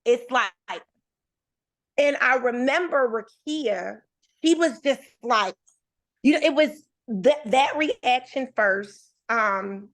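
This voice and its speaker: Slow and fairly high-pitched, a woman in her thirties recounts a personal anecdote as a guest on a podcast, keeping the talk casual. She tells it with animation, imitating the voices of each person she quotes.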